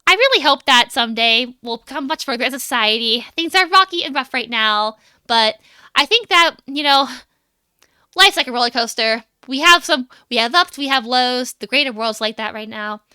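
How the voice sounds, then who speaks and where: A young adult woman chats casually on a live stream, animated and quick to laugh. Her voice sits high and clear. It is picked up on a dry, close mic. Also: dry recording. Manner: chatty and animated, laughs often. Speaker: VTuber streamer.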